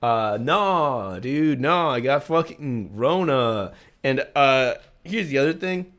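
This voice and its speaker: A man's voice: medium pitch, animated, slow, a bit bright. Rambling, profane male podcast host. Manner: rambling, profane, jokey storytelling with many fillers. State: recovering from a virus. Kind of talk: casual chat.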